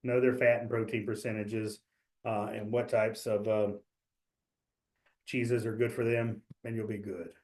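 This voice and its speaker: A man's voice: fairly low pitch, little pitch movement, a little slow, darkish tone. A man giving a casual exam prep webinar, talking loosely with fillers, restarts and small jokes. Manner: loose, chatty, joking, many fillers and restarts.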